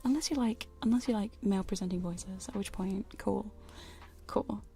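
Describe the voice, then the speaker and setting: Into a studio condenser mic, a female ASMR streamer whispers gently, giggling and rambling as she goes through the chat. Her voice is mid-range and her pace moderate.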